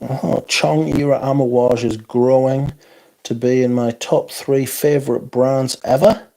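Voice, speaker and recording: A man's voice: mid-range voice, steady tone, a little slow, warm tone, slight background noise. Tired man chatting on a livestream. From North East England. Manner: rambling, self-deprecating, frequent yawns and interjections. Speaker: livestream host. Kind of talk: casual livestream chat reading viewer comments.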